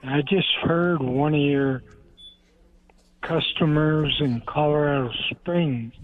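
An older man calling in to a radio show, speaking hesitantly with many pauses. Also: fairly high pitch. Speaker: caller. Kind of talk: phone-in question. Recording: tinny phone line.

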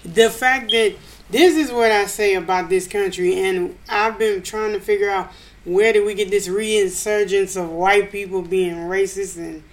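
A woman's voice: mid-range voice, steady tone, unhurried. A woman with a mid-range voice co-hosting a casual podcast chat. She chimes in often with wry asides and comments. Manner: wry, interjecting. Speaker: podcast co-host.

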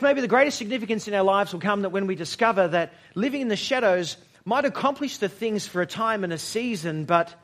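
Male pastor, high-ish voice, reflective sermon delivery with dramatic pauses and soft near-whispered lines. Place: church service.

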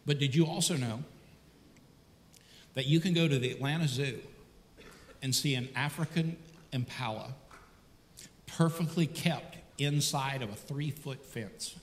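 A man preaching a sermon, talking in a lively, conversational way and throwing out rhetorical questions. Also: mid-range voice, a little slow, pauses often. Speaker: pastor. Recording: echoey hall.

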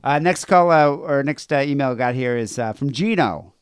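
A man's voice: medium pitch, moderate pace, smooth, no room sound, clean studio sound. A man hosting a podcast in casual chat, rambling and crude, reading listener emails aloud. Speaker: podcast host.

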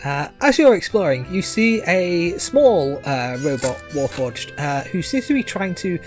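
A man running a tabletop game as game master, describing scenes with many pauses and fillers. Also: on the high side, sing-song, over music. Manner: hesitant, many uhs while describing scenes.

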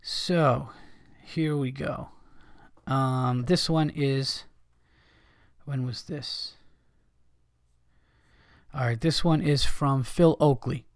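A man's voice: mid-range voice, steady tone, extremely slow, long pauses. A man rants on his comedy podcast in a mid-range voice, swearing freely and pushing his points hard. The recording is dry, with no room echo. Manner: profane, heated ranting. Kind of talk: casual podcast monologue.

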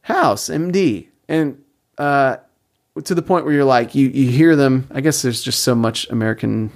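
Creaky-voiced man rambling through a podcast. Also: medium pitch, moderate pace, darkish tone. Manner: rambling, laughs often mid-sentence. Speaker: podcast co-host. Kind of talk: casual chat.

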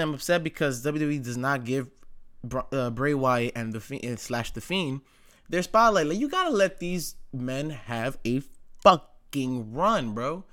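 A man's voice: mid-range voice, fairly bright tone. A man hosting his own show, chatting casually and opinionatedly, with lots of "like", slang and swearing. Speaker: wrestling commentary host. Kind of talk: casual chat.

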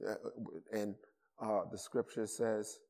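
A man's voice: fairly low pitch, little pitch movement, slow, dark tone. A man with a Boston accent preaching a sermon, stressing points by repeating words. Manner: emphatic, repeats words for emphasis. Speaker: pastor. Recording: long hall reverb.

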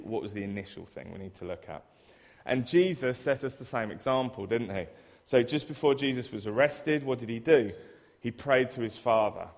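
A man giving a sermon in a church, chatty and self-deprecating, acting out everyday scenes as examples. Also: fairly low pitch. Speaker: preacher who works in a school. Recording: reverberant church hall.

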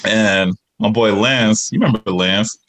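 Low-voiced dude on a podcast spinning a wild story, acting out the quotes. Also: male voice, unhurried, a bit bright. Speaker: podcast guest. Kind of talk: casual storytelling.

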